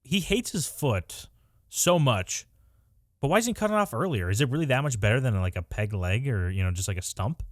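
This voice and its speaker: A man's voice: medium pitch, big pitch swings, brisk, no echo, studio quality. A man co-hosting a podcast in casual, rambling chat, laughing and acting out quotes. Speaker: podcast co-host.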